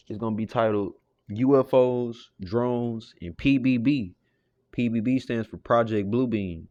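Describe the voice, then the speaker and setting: A man with a low voice leads an informal Bible lesson, rambling in a relaxed, conversational way. He leans on "you know" and drops the occasional curse. The recording is dull and lo-fi. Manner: loose and conversational, with frequent "you know" and profane asides. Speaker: Bible teacher. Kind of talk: casual spoken Bible lesson.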